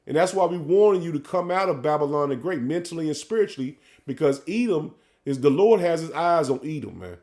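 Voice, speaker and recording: A man preaching, tagging "man" onto his lines and reading scripture slowly and loudly. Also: on the high side, animated. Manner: fervent, says "man" after nearly every line; reads verses slowly and loudly. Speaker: street preacher.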